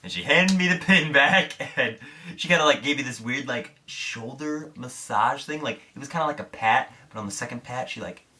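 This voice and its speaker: A man's voice: mid-range voice, expressive, moderate pace, bright, forceful tone. A young man from Indiana, a vlogger telling a story to camera in a candid, self-deprecating way, swearing freely.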